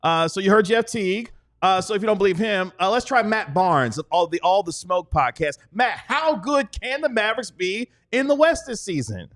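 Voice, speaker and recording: A man's voice: high-pitched, expressive, normal speed, hardly any pauses, a bit bright. A man hosting a casual sports podcast, introducing clips in an upbeat way. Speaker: podcast host.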